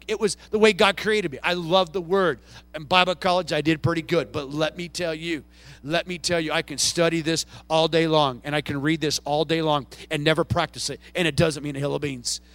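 A middle-aged man preaching a sermon as pastor, swinging between soft and loud with passion. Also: fairly high pitch, no room sound.

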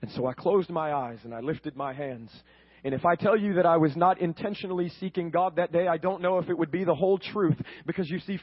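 A man's voice: sits high, animated, brisk, slightly rough, muffled recording. A man telling his faith testimony as a sermon, earnest and storytelling, often repeating words.

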